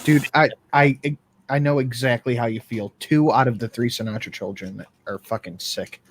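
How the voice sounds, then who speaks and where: A man with a mid-pitched voice jokes bluntly on a casual podcast. His banter is quick, crude and profane. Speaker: podcast panelist.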